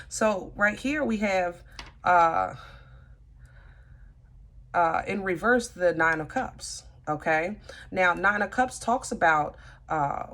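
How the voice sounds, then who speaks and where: Woman, tarot reader, lowish voice, casual and chatty, talks back to her cards. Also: fairly bright tone.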